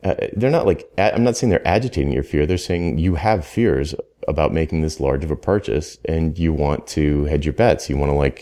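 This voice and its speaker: An extremely low-pitched man with a dark tone appears as a consultant guest in a casual podcast conversation. His speech is emphatic and rambling, and he often corrects himself by restarting sentences.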